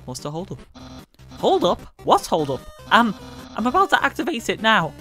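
A woman voicing a loud, boastful male skeleton with bombastic, shouted proclamations while reading game dialogue in a let's play, music playing behind her. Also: mid-range voice, wildly swooping pitch, moderate pace, voice pushed up. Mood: grandiose.

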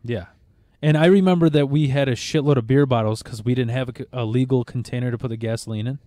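A man with a mellow, darkish voice rambles through profane stories in a casual podcast chat. He restarts his sentences often and keeps swearing as he goes. The sound is close and dry, with no room around it. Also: medium pitch, fast talker, dry recording.

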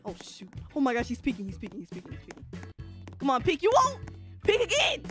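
A woman's voice: fairly high pitch, wildly swooping pitch, fast talker, a bit bright, faint music behind. A woman streaming a game live, talking casually to her chat and often shrieking and laughing. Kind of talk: live gaming commentary.

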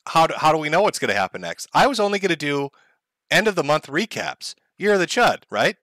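Man on a livestream, mocking and profane, lively swinging pitch, bright voice, dry close sound. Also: no room sound. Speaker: streamer host. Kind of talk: livestream commentary.

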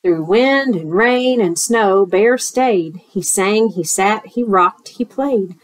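Woman teacher for a storytime read-aloud: slow and expressive, rhythmic, talks to kids. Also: medium pitch, no echo. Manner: expressive, rhythmic, with asides to children.

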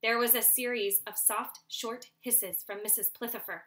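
A woman reading a children's novel aloud in steady storytelling narration. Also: on the high side, moderate pace, hardly any pauses. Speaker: audiobook reader. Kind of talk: scripted audiobook narration.

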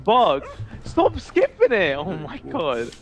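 A man's voice: sits high, huge pitch swings, slow pace, over a noisy crowd. Rowdy, laughing gamer guy. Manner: swears, teases and laughs a lot, loud outbursts. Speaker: gaming streamer. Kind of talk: casual gaming banter.

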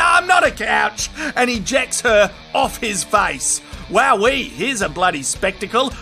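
A high, bright-voiced Australian man doing comic voice-over commentary, crude and excitable, tossing out slang and swearing as he goes. Music plays faintly behind him. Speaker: comedic video commentator. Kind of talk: comedic voice-over commentary on viral clips.

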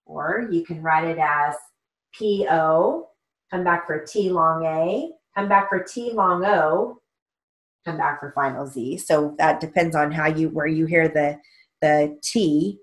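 Woman, steno instructor; slow, careful dictation, slightly low pitch. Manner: slow, measured dictation, spelling out letters. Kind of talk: dictation lesson with explanations.

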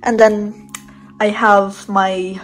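A woman's voice: mid-range voice, flat delivery, drawn-out words, low-quality recording. A woman in her twenties giving a casual bedroom tour, chatty and rambling with little giggles, filming on a handheld phone in her bedroom. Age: 20s. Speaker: vlogger. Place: bedroom, indoors.

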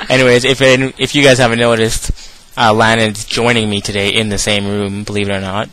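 A man's voice: lowish voice, flat delivery, moderate pace, a bit bright, poor audio. A young man hosting a casual podcast chat, joking and teasing, sharing one mic in a room. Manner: joking, teasing, laughs often. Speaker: podcast host. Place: shared room with a passed mic.

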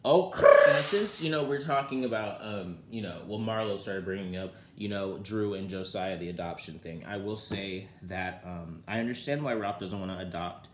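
A man giving a casual, sassy and profane review of a reality TV episode, swinging from low muttering to loud outbursts. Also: normal speed, hardly any pauses, roomy sound, a little hiss or hum.

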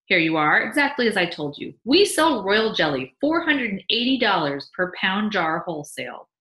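A woman's voice: medium pitch, very animated, normal speed, pushed and bright, voice pushed up. A woman voicing a sly, boastful male beekeeper who teases his wife, in a read-aloud story. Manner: teasing, pleased with himself. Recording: echoey room.

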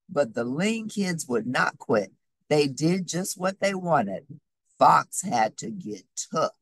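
Storybook reader, woman: slow pace, husky, gravelly, lively pitch, dry sound. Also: dry recording. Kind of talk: reading a children's book aloud.

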